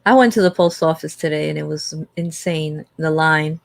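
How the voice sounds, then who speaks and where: A woman co-hosting a livestream, telling a lively story in casual chat and acting out the quoted lines with big jumps in pitch. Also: normal speed, creaky, no room sound. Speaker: livestream co-host.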